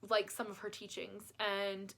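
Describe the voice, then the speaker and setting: A woman's voice: mid-range voice, monotone, unhurried, creaky, a bit bright, a little hiss or hum. A woman life coach giving self-help tips in an upbeat, chatty, self-deprecating way. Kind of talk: casual self-help vlog.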